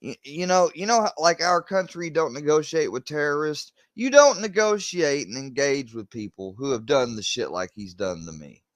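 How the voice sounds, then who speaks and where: A man's voice: on the high side, animated, normal speed, hardly any pauses, no room sound. A young man, a YouTuber ranting to his viewers, agitated and swearing as he repeats himself. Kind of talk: venting rant to camera.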